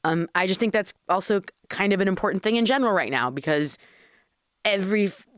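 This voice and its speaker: A woman hosting a casual podcast, chatty and quick to laugh, with casual swearing. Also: medium pitch, expressive, dry recording, clean studio sound. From Washington State. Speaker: podcast host, cannabis consultant.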